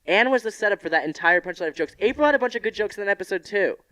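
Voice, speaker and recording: A young man co-hosting a casual podcast chat, animated and playfully argumentative. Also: high voice, rapid-fire, smooth, no echo, low-quality recording. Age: young adult. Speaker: podcast co-host.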